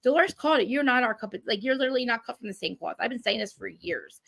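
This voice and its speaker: A woman ranting in casual chat, animated and profane, with many restarts. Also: on the high side, gravelly, dry recording. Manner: rapid, profane, animated rant with frequent restarts. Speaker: guest commentator. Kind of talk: casual chat recapping a reality show.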